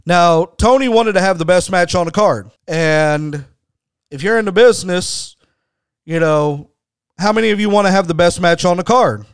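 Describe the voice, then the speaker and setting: A man with a fairly high, smooth voice tells a story for his podcast. He talks bluntly and hammers his points home with repetition and swearing. The sound is close and dry. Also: no room sound. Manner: emphatic, blunt, swears freely. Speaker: podcast host. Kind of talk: storytelling commentary.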